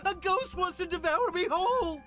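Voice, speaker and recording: A woman's voice: extremely high pitch, moderate pace, over music, pitched above the performer's own voice. A woman voicing a terrified mortal man who pleads and stammers, begging ghosts to spare him.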